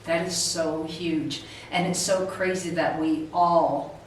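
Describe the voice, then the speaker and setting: A woman's voice: low-pitched, steady tone, slow. A woman hosting an interview who responds to her guest in an affirming, encouraging way. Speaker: interview host. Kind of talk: conversational interview. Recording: echoey, distant, faint noise.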